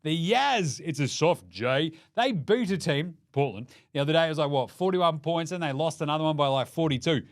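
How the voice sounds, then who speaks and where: An Australian man giving a comedic basketball ranking rant, mocking and full of quick jokey asides. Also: on the high side, expressive. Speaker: basketball commentator.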